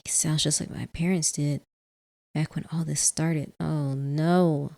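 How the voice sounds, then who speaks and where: A woman hosting a let's play, reading a visual novel in the first person, softly, with casual asides. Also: deep voice, fairly even intonation, unhurried, creaky.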